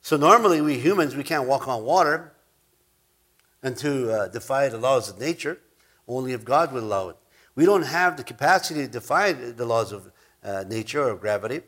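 A man's voice: medium pitch, fairly bright tone. A man teaching from the Bible in an informal, rambling way, often correcting himself and acting out the quoted lines. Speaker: preacher.

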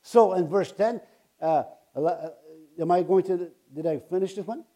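A man preaching a sermon. He reads scripture aloud and breaks off into casual, animated asides, with loud emphatic bursts. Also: high voice, a little slow.

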